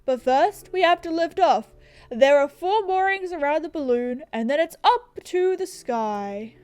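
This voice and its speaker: A woman's voice: high-pitched, lively intonation, measured pace, a little mellow, pitched above the performer's own voice. A woman with an Australian accent voicing a grandiose, self-important male balloon explorer in a video game. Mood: boastful.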